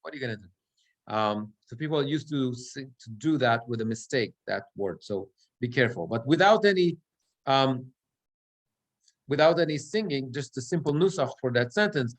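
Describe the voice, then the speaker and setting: A man's voice: medium pitch, expressive, moderate pace. A middle-aged man teaching prayer chant as a cantor, explaining step by step and breaking into short chanted phrases. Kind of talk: relaxed class explanation with sung examples.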